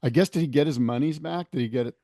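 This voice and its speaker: A man co-hosting a podcast, telling a joke in lively casual chat. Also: on the high side, fast talker, creaky, dry recording, studio quality. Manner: animated joke-telling with quoted voices. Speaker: podcast co-host.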